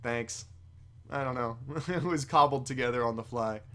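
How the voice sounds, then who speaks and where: Brief: joking male podcast host, mid-pitched, casual. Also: moderate pace, bright, forceful tone, a little hiss or hum. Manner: joking, laughs often. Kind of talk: casual chat, reading a comic aloud.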